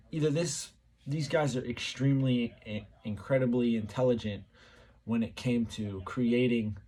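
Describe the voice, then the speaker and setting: Speaking to camera on his channel, this man muses aloud in a casual, rambling way, using lots of fillers. His voice is medium-pitched and a little mellow.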